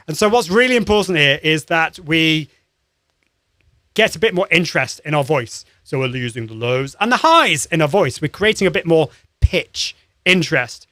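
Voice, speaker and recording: A man hosting a live-streamed lesson, coaching voice warm-ups in an upbeat, encouraging way with many restarts. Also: fairly high pitch, animated, normal speed, no echo, clean studio sound. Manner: upbeat and encouraging, demonstrates sounds; conversational with frequent restarts.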